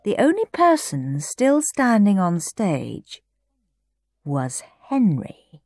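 Husky woman reading a storybook aloud. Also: mid-range voice, slow, no room sound, soft background music. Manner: expressive, lively reading with voices for characters.

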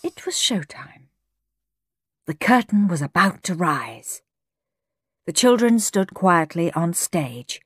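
Husky, low-voiced woman reading a storybook slowly, with lively intonation. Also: no room sound, clean studio sound. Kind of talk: storybook read-aloud.

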